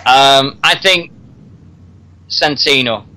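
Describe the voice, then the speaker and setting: A man's voice: medium pitch, extremely slow, pushed and bright, rough recording. A man hosting a radio talk show, chatting casually and laughing often. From Britain. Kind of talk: casual wrestling chat.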